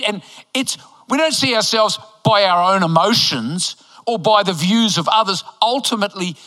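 A man in his sixties from New Zealand, preaching a sermon in a church auditorium with emphatic, animated delivery and joking asides. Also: high voice. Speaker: pastor. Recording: echoey hall reverb.

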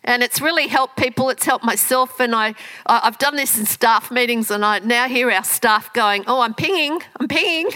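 A woman giving a lively talk to an audience, often restarting her sentences. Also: a little high, moderate pace, rough recording. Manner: lively, animated, with frequent fillers and restarts. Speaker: speaker teaching communication skills.

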